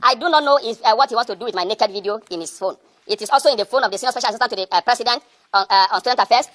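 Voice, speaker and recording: A woman's voice: a little high, rapid-fire, fairly bright tone. A Nigerian woman student leader delivering an earnest, pleading public address.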